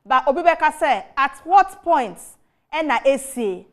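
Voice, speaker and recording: A woman's voice: high voice, expressive, slow pace. A Ghanaian woman hosting a TV talk show, asking questions with frequent hesitant fillers. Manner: mixes Twi and English, many fillers while asking. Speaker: TV host.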